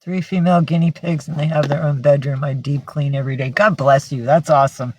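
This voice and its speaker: A woman's voice: deep voice, fairly even intonation, fairly quick, hardly any pauses, breathy edge, no room sound. A middle-aged woman hosting a casual livestream, who chats, reads out viewer names and coos at her pets. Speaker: livestream host.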